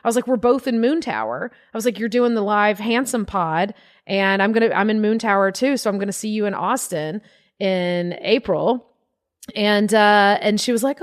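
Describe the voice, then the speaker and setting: A young adult woman comedian, telling a story in casual talk, animated, swearing and acting out the voices of people she quotes. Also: mid-range voice, moderate pace. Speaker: guest comedian.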